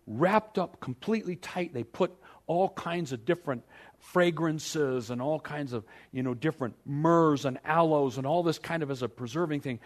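A male pastor preaching a sermon, acting out scripture scenes with animated storytelling. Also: medium pitch.

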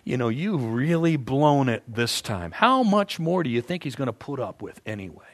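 A man voicing Satan as a whispering serpent who mocks and accuses the listener in a low, hissing voice. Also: sing-song, lightly acted. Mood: taunting. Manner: mocking, accusing, drawn-out. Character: whispering sneering male Satan, a serpent tempter.

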